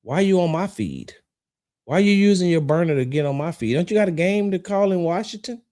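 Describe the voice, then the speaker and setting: A man's voice: sits high, animated, brisk, dark tone, pitched above the performer's own voice. A man mimicking a nosy male local radio host who pries with stammering questions. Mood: prying.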